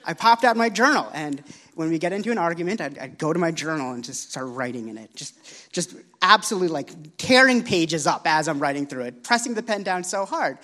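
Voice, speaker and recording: A man preaching a sermon, earnest and expressive, telling a personal story. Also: a little high, a little fast.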